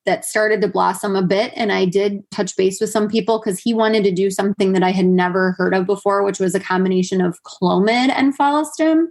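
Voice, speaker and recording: A woman's voice: medium pitch, fairly quick, hardly any pauses, a little mellow. Woman guest just chatting thru her story, lots of "you know" and "i was like". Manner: chatty, many fillers and quoted asides. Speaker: podcast guest. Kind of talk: conversational storytelling.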